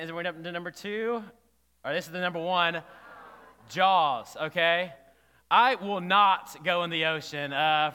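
Male pastor, casual sermon, a touch high and very clear, long church reverb. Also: sharp tone. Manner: conversational, engages the congregation with questions. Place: church hall.

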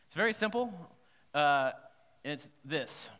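Bright-voiced man preaching in a reverberant hall. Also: on the high side, slow. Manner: lively, conversational, checks in with the congregation. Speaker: pastor. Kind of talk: sermon. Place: church sanctuary.

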